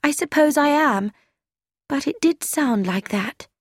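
A woman's voice: high-pitched, lively intonation, measured pace, dry recording, clean studio sound. A woman reading as a young woman confiding in a letter. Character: young woman writing an anxious, chatty letter. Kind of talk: scripted narration.

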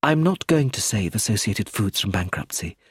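A man voicing a calm, firm young heiress who speaks clearly and matter-of-factly in a storybook reading. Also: fairly low pitch, moderate pace, dry recording, studio quality, full character voice.

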